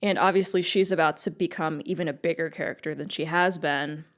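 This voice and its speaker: A woman's voice: low-pitched, fairly even intonation, brisk. A woman co-hosting a casual podcast, recapping plot in an upbeat way and laughing often. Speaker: podcast co-host.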